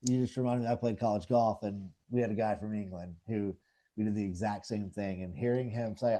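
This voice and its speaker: Dark-voiced man telling casual stories. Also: fairly low pitch, steady tone, fairly quick. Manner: laid-back storytelling with many fillers. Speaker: podcast co-host. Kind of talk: casual chat.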